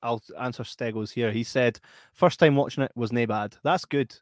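A man's voice: mid-range voice, moderate pace, dry recording, clean studio sound. A Scottish man chatting casually and telling funny stories with lots of laughter and acted-out voices. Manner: animated, laughing storyteller. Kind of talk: casual chat and storytelling.

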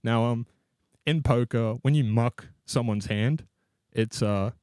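Speaking slowly in a warm, smooth, medium-pitched voice, a young man co-hosting a podcast rambles through a long story at his own expense, laughing along the way. The recording is dry and of studio quality.

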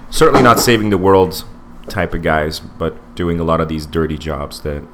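Deep voiced guy in his 40s rambling on a podcast, lots of ums, bit of hiss. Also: normal speed. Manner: rambling, digressive, many fillers and restarts. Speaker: podcast co-host. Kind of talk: casual podcast movie review.

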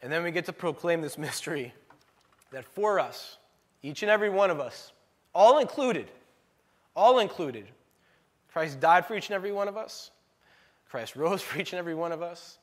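A man's voice: on the high side, lively intonation, normal speed, long pauses. A man preaching a sermon, telling stories in an earnest, emotional way. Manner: emotional, earnest storytelling with laughs. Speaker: pastor.

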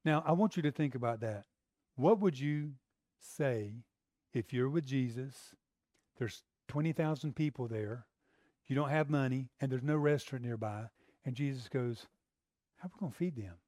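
Guy preaching casually, does little voices, gets loud, dry sound. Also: medium pitch, normal speed, no echo. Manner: conversational, acts out voices, rising to loud emphasis. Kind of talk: sermon.

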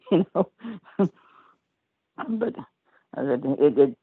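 A woman's voice: lowish voice, lively intonation, a little slow, pauses often, husky, no echo. An older woman telling stories as an interview guest, rambling and laughing often mid-sentence, heard over a tinny phone line.

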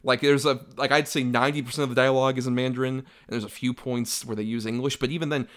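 A man talking fast about a film he loves. His words tumble out, packed with fillers, and he breaks into little acted-out quotes from the scenes as he goes. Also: medium pitch, fairly even intonation, a bit bright. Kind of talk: casual film discussion.

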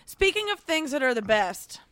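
A woman's voice: high-pitched, very animated, moderate pace, a bit bright. A young adult woman co-hosting a podcast, telling stories casually and laughing often. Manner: giggly, storytelling, reads ad casually. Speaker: podcast co-host. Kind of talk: casual chat.

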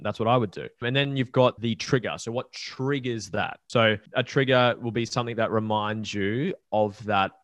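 A man's voice: medium pitch, fairly bright tone, no echo. Blunt swearing man on a podcast. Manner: blunt, swears casually, loose rambling explanations. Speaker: podcast guest. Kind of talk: casual podcast talk.

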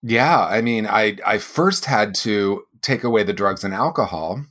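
A man's voice: on the low side, expressive, a little slow, fairly bright tone. A man in his sixties speaking earnestly and personally as an interview guest, with occasional light laughs. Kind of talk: reflective interview answers.

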